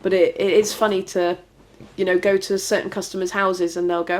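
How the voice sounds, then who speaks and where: A woman's voice: mid-range voice, little pitch movement, fast, hardly any pauses, a little mellow. A woman guest telling her story in a casual interview, chatty and rambling, with many fillers and restarts. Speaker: trick rider, podcast guest.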